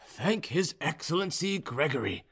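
A man putting on a crafty serf with a sly, wheedling tone, pitched noticeably higher than a plain reading voice. The audiobook figure smooths things over with an ingratiating lilt. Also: sing-song, unhurried, a bit bright, exaggerated voice. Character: crafty male serf flogger, sly and soothing.

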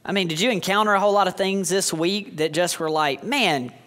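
A man's voice: high voice, fairly even intonation, fast talker, fairly bright tone. A man in his thirties, a pastor preaching a sermon with joking asides and sarcastic humor.

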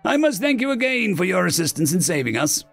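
A man voicing a panicking male alien general with mandibles, high-strung and melodramatic. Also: big pitch swings, a little fast, gravelly, fairly bright tone, no echo, faint music behind, exaggerated voice. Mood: formal, weary.

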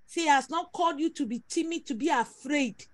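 Emphatic high-voiced woman preaching. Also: brisk, no echo. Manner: emphatic, repetitive, dramatic exclamations. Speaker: prophetess leading prayer. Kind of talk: prophetic sermon over prayer call.

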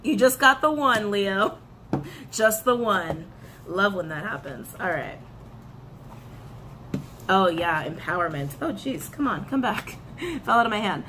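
A woman reading tarot and crystal meanings, animated, repeating her phrases and breaking into excited outbursts. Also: medium pitch, unhurried, pauses often, background noise. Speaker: tarot reader.

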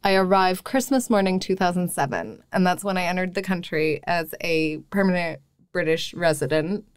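A woman in her thirties from Wisconsin, a podcast guest telling her story in lively casual chat. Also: lowish voice, normal speed, clear, resonant tone, no echo. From Wisconsin, USA. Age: 30s. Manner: lively, acts out quoted exchanges.

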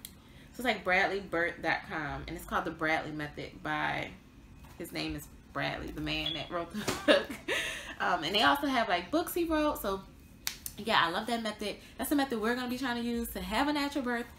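A young woman vlogs her pregnancy update in a chatty, rambling way, full of fillers and small laughs. Her voice is bright and forward. The room gives it a noticeable echo with faint ambience behind. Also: mid-range voice, lively intonation, normal speed, a little hiss or hum. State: pregnant, tired. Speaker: vlogger. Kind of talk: casual pregnancy update vlog.

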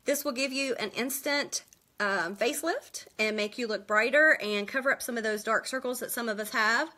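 A woman from West Virginia hosting a casual live makeup tutorial from home, chatty and quick, greeting viewers by name. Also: fairly high pitch, sharp tone. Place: at home indoors.

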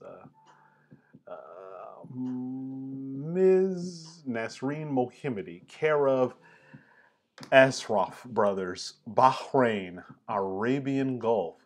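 A man hosting a casual chat over tea, filling his talk with "like" and "right?". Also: medium pitch. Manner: chatty, fills with "like" and "right?". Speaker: host.

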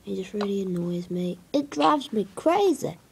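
A woman's voice: medium pitch, animated, normal speed, creaky, a little mellow, a little hiss or hum. A woman giving casual gameplay commentary, hesitant and rambling with many fillers. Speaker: gaming video creator.

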